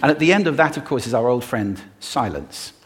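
A man giving a talk on stage to an audience, expressive and playful, demonstrating different ways of using the voice. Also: medium pitch, brisk. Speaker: public speaker.

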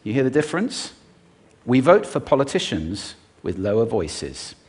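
A man's voice: medium pitch, sing-song, normal speed, darkish tone. A man who is a voice expert gives a live talk on a stage before an audience and uses his own voice to demonstrate his points.

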